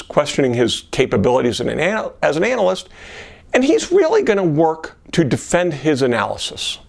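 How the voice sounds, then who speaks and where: A man with a gravelly, fairly high voice gives an instructional talk to camera. His pitch moves a lot, rising and falling as he acts out sample questions in a gentler tone. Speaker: systems engineering presenter.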